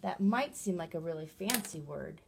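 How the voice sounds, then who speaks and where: A woman speech therapist explaining a teaching technique in a clear, patient, demonstrative way. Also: fairly low pitch, expressive, moderate pace, background noise. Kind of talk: educational explainer talk.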